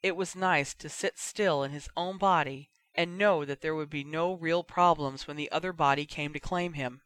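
A man narrating a fan fiction audiobook in a steady, expressive storytelling manner. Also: on the high side, moderate pace, clean tone, no echo. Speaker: reader.

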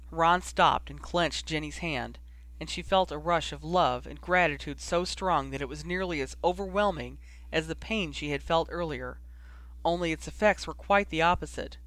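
A man's voice: on the high side, sharp tone, dry recording. A man reading a fan fiction story aloud as an audiobook, narrating and voicing the dialogue lightly. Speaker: audiobook reader.

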